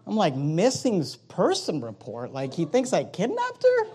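A man with a high, light voice preaches by way of a personal story. He slips in and out of quoted voices as he tells it, animated and conversational. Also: unhurried. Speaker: pastor. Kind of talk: sermon storytelling.

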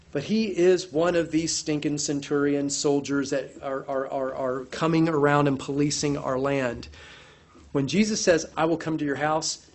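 A man delivers a sermon in an animated preaching style. His voice sits a little high for a man. He often acts out the voices of the people he quotes and repeats words as he builds emphasis. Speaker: pastor.

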